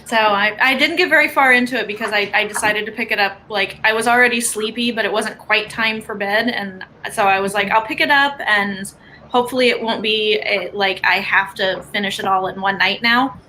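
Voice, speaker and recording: A woman's voice: medium pitch, brisk, a little hiss or hum, rough recording. A woman chatting as a guest on a group call, telling a story and acting out what she said. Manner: storytelling, animated quoting of herself. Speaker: guest in writing group stream. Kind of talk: casual chat.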